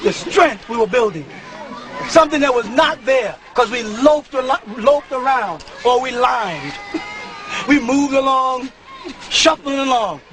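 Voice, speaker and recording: Man with a really high voice doing a fired-up sermon, shouting his points, live audience noise in the back. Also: expressive, measured pace, a crowd in the background. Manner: emphatic preaching, bursts into shouts, chuckles at his own points. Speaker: religious teacher addressing a congregation. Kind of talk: live sermon-style lecture. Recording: live talk with audience murmurs.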